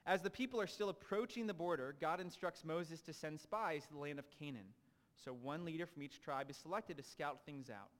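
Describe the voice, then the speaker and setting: A man's voice: medium pitch, long reverb tail. A young adult man preaching a sermon, reading scripture aloud and breaking in with casual asides. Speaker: pastor.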